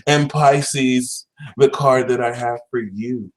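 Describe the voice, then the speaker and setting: A man's voice: fairly even intonation, slow. A man giving a casual tarot reading, talking in a slangy, exasperated, theatrical way. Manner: dramatic, exasperated, swings to shouting and high-pitched outbursts; slang-heavy, fillers like "like", "y'all". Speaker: tarot reader.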